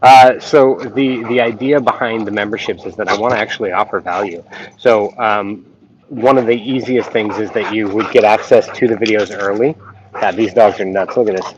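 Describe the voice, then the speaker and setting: A man's voice: fairly low pitch, steady tone, normal speed. A man hosting a casual live stream, rambling and full of ums as he greets viewers. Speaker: YouTube reaction channel host. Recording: dull lo-fi sound with faint noise.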